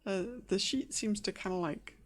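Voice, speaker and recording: A woman's voice: mid-range voice, steady tone, moderate pace. A woman running a tabletop game as game master, describing scenes hesitantly with many fillers and restarts.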